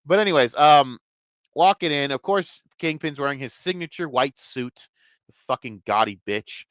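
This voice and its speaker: A man's voice: medium pitch, lively intonation, moderate pace, a bit bright, dry recording, highs cut off. Foul-mouthed man ranting about a TV episode. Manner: swears constantly, ranting and mocking. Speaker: TV episode reviewer. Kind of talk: casual profane review rant.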